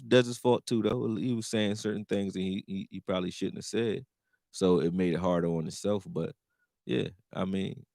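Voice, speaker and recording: A man hosting a casual sports livestream, laughing, talking slang, and reacting to viewers' chat comments in an animated way. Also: low-pitched, creaky, no echo, studio quality.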